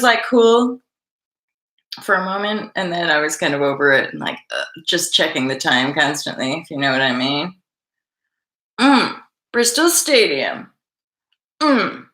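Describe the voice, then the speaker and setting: A woman's voice: fairly low pitch, pushed and bright. A woman in her thirties hosting a vlog, chatting to camera in a rambling, laughing way with some swearing. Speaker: vlog host. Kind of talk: casual chat to camera. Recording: echoey room.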